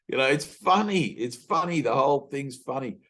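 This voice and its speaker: A man's voice: mid-range voice, fairly bright tone. A man who is a spiritual teacher, giving a casual talk, telling loose stories with plenty of fillers and acting out the voices he quotes. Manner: loose storytelling, full of fillers.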